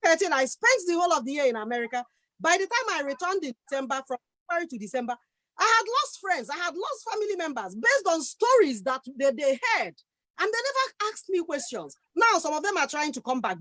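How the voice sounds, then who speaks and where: A woman on a discussion panel, speaking forcefully and with passion from her own experience. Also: high-pitched, sing-song, brisk, no room sound.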